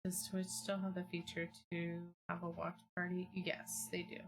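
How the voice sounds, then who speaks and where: Young woman streamer, slightly low voice, rambling casual chat full of fillers, excitable bursts, home desk mic. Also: moderate pace, background noise.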